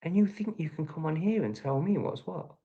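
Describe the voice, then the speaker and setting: A man's voice: on the high side, fairly quick, narrow, tinny audio. A man from England with an English accent, ranting angrily and profanely at the critics in his reaction video. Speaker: vlogger. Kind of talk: angry reaction rant.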